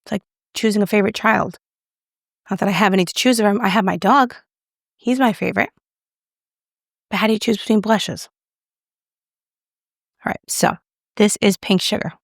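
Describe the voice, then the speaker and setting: A woman's voice: medium pitch, steady tone, moderate pace, vocal fry, long pauses, no echo, studio quality. A young woman casually reviewing makeup, chatty and self-deprecating as she applies it on camera. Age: young adult. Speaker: beauty YouTuber.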